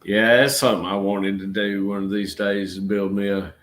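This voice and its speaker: A man's voice: fairly low pitch, flat delivery, normal speed, fairly bright tone. A middle-aged man with a Georgia Southern accent, hosting a casual livestream chat in a folksy, rambling way. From Georgia, USA. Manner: folksy, rambling, says y'all. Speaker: channel host.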